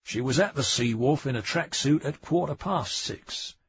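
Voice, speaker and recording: A man voicing a patient, methodical male police detective who spells things out deliberately and emphatically. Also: mid-range voice, lively intonation, vocal fry, breathy edge, pitched above the performer's own voice, exaggerated voice. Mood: explaining. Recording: dry, dull audiobook recording.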